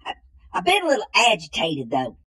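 A woman playing a slow-witted, bumbling country man in a comedy sketch, drawling and repeating the same catchphrase. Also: on the low side, huge pitch swings, fairly bright tone, slightly rough, full character voice, rough recording.

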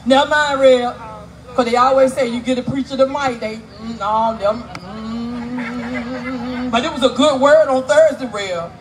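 A woman emceeing a live outdoor community event on a handheld mic, teasing and working the crowd loudly. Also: a little high, fairly even intonation, unhurried, rough recording. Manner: playful, teasing, loud crowd-work. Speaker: event emcee and radio host. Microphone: handheld microphone.

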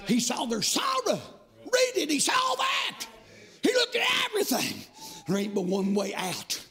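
High, gravelly shouting preacher. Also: male voice, huge pitch swings, a little slow. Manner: shouting, sing-song cadence, repeated amens. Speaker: pastor. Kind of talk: fiery preaching sermon. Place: church sanctuary.

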